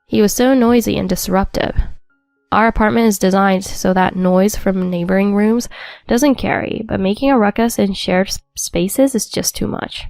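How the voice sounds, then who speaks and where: A woman's voice: medium pitch, normal speed, gravelly, a little mellow, no echo. Brief: woman narrator, scripted first-person story, wry and matter-of-fact, faint music underneath.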